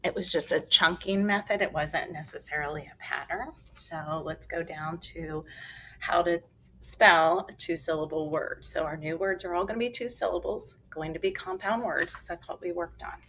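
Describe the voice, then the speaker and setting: A woman teacher leading a phonics lesson for children, enunciating clearly and spelling words out letter by letter. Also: on the low side, steady tone, moderate pace, fairly bright tone, a little hiss or hum, low-quality recording.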